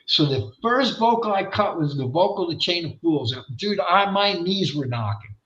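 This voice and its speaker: Male interview guest, high bright voice, animated and profane storyteller, roomy dull lo-fi stream audio. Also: moderate pace. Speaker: guest rock singer.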